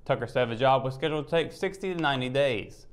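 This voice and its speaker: A man anchoring local news, reading stories in an even, measured delivery. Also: medium pitch.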